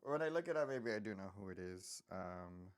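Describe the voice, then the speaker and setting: A man's voice: low voice, expressive, brisk. A man chatting casually while drawing on a live stream, rambling and self-deprecating, often trailing off into mutters.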